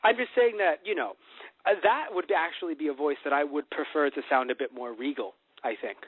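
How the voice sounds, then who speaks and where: A man hosting a casual podcast chat, rambling and animated with lots of fillers. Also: on the high side, brisk, husky, no room sound. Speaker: podcast host. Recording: tinny phone-like dry sound.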